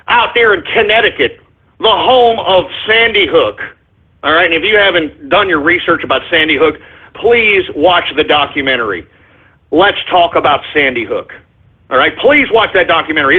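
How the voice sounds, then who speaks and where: Angry guy ranting on talk radio, tinny phone-line sound, raspy voice. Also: sits high. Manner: angry, profane, shouting rant. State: furious.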